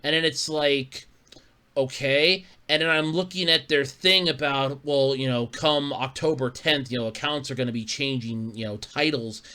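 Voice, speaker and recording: Hosting his own podcast, a man chats loosely and wanders from one story to another at a normal speed. His mid-range voice is bright and forward, and he swears offhandedly and chuckles a lot in this casual solo chat.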